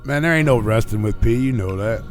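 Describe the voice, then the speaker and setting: A man's voice: medium pitch, brisk, soft background music. A man co-hosting an online radio show, teasing his friend with profane banter. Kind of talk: casual chat.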